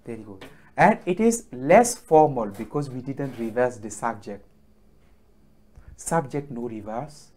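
A man leads an online French lesson at an unhurried pace. He drills each phrase again and again with patience, filling gaps with hesitant pauses. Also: mid-range voice, animated, darkish tone, slight background noise. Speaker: French teacher.

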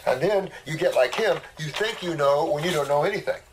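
A man's voice: fairly high pitch, lively intonation, brisk, slight background noise, rough recording. An older man hosting a casual talk, a blunt and boastful storyteller. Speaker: host. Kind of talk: casual conversation.

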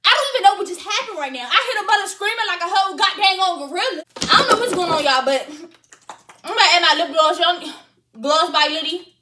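Lively, high-pitched young woman YouTuber. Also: fast. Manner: chatty, laughing, animated, playful. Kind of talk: reaction vlog.

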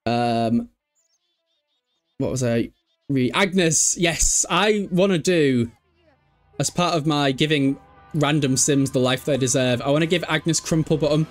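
A man's voice: fairly high pitch, unhurried, pauses often, soft background music. A young man from England, chatting casually as he streams a game, swearing and laughing often. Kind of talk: casual live game commentary.

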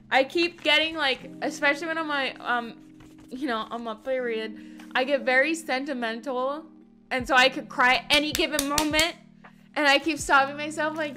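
A woman's voice: on the high side, normal speed, pushed and bright, faint music behind. A young adult woman streaming live, chatting casually with her audience in a gushing, effusive way and swearing now and then.

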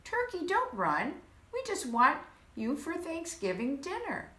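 A woman's voice: high voice, huge pitch swings, a little slow, pushed and bright, roomy sound, slight background noise, voice pushed up, full character voice. Woman playing Mister Moose, a sweet courteous moose. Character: kindly gentle male moose, polite and determined.

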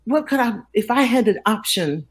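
An older actress in a casual interview, telling lively stories and acting out the people she quotes. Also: fairly high pitch, moderate pace, breathy edge. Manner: animated storyteller, acts out quoted voices.

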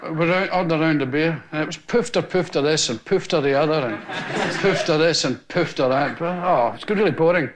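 A man's voice: on the high side, fairly quick. A Scottish man doing stand-up, telling rambling anecdotes to a laughing live audience. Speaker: stand-up comedian. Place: television studio with a live audience. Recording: loud hiss on an old TV recording.

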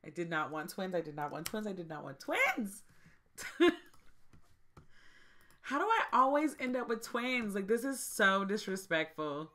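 A woman's voice: medium pitch, very animated, unhurried, long pauses, fairly bright tone, slight background noise. A woman hosting a life-simulation gameplay video, chatting casually with her viewers, often exasperated and repeating herself. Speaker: gaming channel host.

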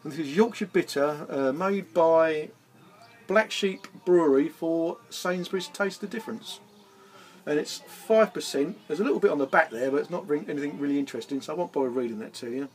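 A man's voice: fairly high pitch, fairly quick, a little mellow. Chatty man reviewing beer. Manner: chatty, rambling, easygoing. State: tired after gardening. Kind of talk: casual beer review vlog. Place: indoors, with garden party music outside. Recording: faint music in the background. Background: music from back garden.

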